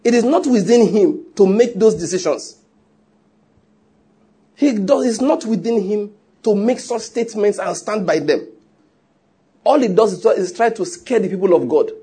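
A man's voice: high-pitched, moderate pace, long pauses, dark tone, slightly rough. A male pastor preaching a sermon emphatically, with rhetorical questions.

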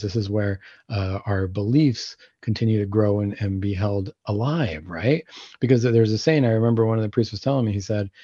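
A man's voice: medium pitch, gravelly, dark tone, breathy edge, no echo, muffled recording. A man hosting a Catholic talk show, commenting on news articles and asking rhetorical questions that he then answers himself.

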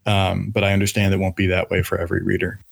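A man's voice: low-pitched, monotone, quick pace, creaky. A man hosting a casual book podcast, talking enthusiastically and thinking aloud with frequent restarts. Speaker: podcast host. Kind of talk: casual book-club chat.

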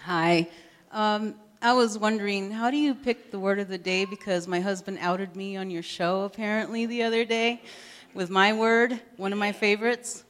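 A woman's voice: medium pitch, steady tone, moderate pace, in a large hall. A woman in the audience asking the panel a question, tentative and polite.

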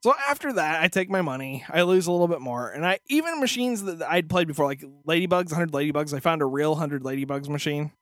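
Fast-talking high-voiced man ranting. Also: animated, a bit bright, no room sound, studio quality. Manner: profane, exasperated storytelling. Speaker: podcast co-host. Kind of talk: casual ranting chat.

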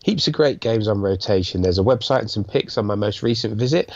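Bloke reading listener mail, lowish voice, dry slightly muffled sound. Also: male voice, lively intonation, brisk, vocal fry, no room sound. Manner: chatty, reads messages aloud. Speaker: podcast co-host. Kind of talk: casual chat.

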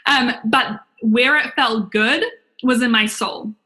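A young woman business coach talks through a webinar in a bubbly, rambling way, peppering it with "like" and little acted-out inner voices. Her voice sits fairly high and sounds bright and forceful. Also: measured pace. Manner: chatty, excitable, lots of "like" and acted-out inner voices. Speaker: business coach and podcast host. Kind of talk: webinar talk.

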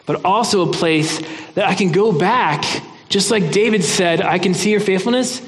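Earnest male preacher, conversational and a little halting, fairly high voice, long reverb behind him. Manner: earnest, conversational, with frequent restarts and stammers. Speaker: pastor. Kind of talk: sermon.

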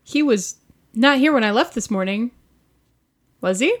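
Player, woman, slow and deliberate, slightly high, laughs a lot. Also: lively intonation. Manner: laughs often, earnest in character. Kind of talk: playing a tabletop game.

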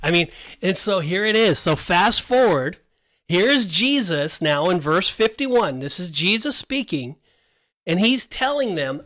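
Podcast co-host, male, high pitched, excitable storyteller who acts out the characters. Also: measured pace, no echo. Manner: animated storytelling, acts out voices of biblical figures. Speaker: podcast co-host teaching the Bible. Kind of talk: casual Bible study chat.

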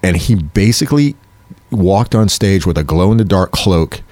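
A man's voice: sits low, normal speed, dry recording. A man hosting a comedy show, telling stories in a casual chat and acting out the voices of people he quotes. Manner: animated storyteller, acts out quoted voices.

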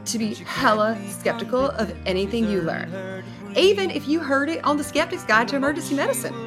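A woman's voice: high-pitched, brisk, music in the background, voice pushed up, natural voice. A woman putting on a slangy, drawling West Coast surfer voice with a put-on Californian accent, playful and breezy.

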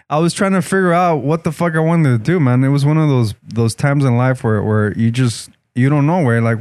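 A man's voice: medium pitch, darkish tone, smooth, no echo. A man telling stories in casual, profane chat, slipping into Spanish. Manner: profane, laid-back, switches into Spanish. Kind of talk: casual storytelling.

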